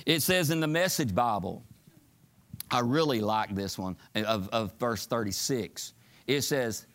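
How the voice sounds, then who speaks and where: A man preaching a fervent sermon, asking the congregation for call-and-response amens. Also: on the high side. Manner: fervent, shouting climaxes, call-and-response asides.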